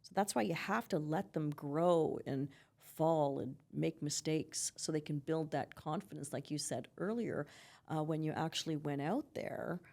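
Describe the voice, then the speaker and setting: A middle-aged woman speaks as a therapist guest in a relaxed podcast chat. Her voice sits fairly low and has a gravelly, fry-edged texture. She explains things earnestly, often checking in with "right?". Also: measured pace. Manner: earnest and advising, with lots of "you know" and "right?". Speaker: psychotherapist guest. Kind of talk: conversational podcast interview, giving advice.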